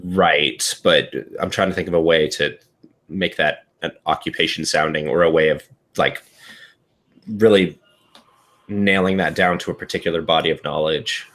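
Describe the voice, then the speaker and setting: Deep-voiced hesitant man player. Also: fairly even intonation, moderate pace, fairly bright tone. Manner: hesitant, thinks aloud. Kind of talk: casual tabletop game planning.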